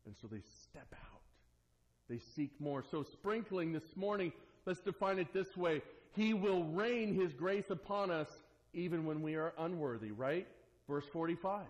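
A man preaching a sermon as pastor, swinging between loud emphatic lines and hushed, quiet asides. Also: on the high side, measured pace, lo-fi sound.

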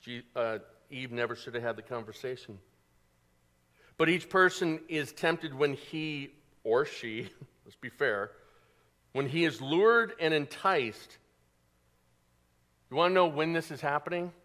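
A male pastor preaching a sermon, animated, asking the congregation questions and answering them himself. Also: a little high, takes it slowly, pauses often.

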